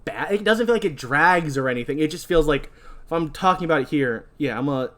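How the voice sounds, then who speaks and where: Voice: mid-range voice, animated, brisk, fairly bright tone. A podcast host casually recapping a horror movie, chatty and full of fillers. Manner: chatty, filler-heavy, laughing.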